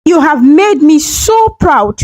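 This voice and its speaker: Brief: woman reading a frail, forgiving old mother, soft-spoken, high and lilting. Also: sing-song, slow, heavily acted, poor audio. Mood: tender. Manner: soft, whispery.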